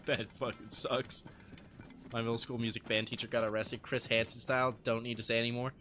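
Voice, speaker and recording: A man's voice: medium pitch, little pitch movement, a little fast, a bit bright, faint music behind. A young adult man streaming live, telling casual stories to his chat, swearing freely and laughing often.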